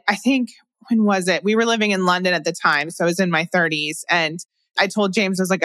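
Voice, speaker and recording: A woman's voice: on the low side, fairly bright tone, no echo. A middle-aged woman hosting a podcast interview, chatting casually and laughing easily. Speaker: podcast host.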